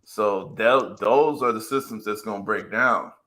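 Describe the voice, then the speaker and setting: A man's voice: lowish voice, measured pace, sharp tone. A man talking in a casual, earnest commentary, rambling and repeating words as he works through his point.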